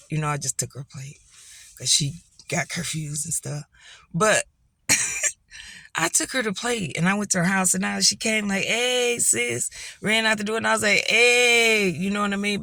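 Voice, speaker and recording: Speaking to her viewers in a casual monologue, a middle-aged vlogger rambles through a story, laughing a lot and cheering them on. She has a lowish, fairly bright voice, and the recording has no echo.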